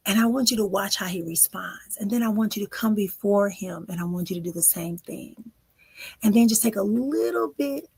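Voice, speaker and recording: A middle-aged woman, hosting a live stream and giving emotive spiritual readings that often drop into soft whispers. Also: medium pitch, expressive, normal speed, creaky, breathy edge, no echo, clean studio sound. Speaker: spiritual medium and podcast host. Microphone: close mic for live streaming.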